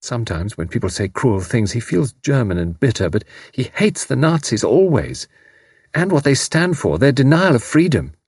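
A man's voice: medium pitch, normal speed, husky, no echo, studio quality, pitched above the performer's own voice. A man voicing an intense grieving young woman. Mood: earnest. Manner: quiet, flat, then pleading.

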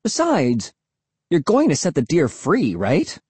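Man doing a young boy, high voice, lively, eager and pleading, husky, dry. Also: normal speed, no echo, full character voice. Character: excitable young boy narrator.

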